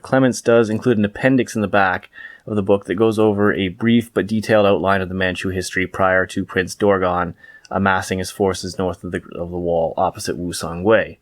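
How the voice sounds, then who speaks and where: A man reading a scripted book review in a measured, wry way. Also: on the low side, no room sound.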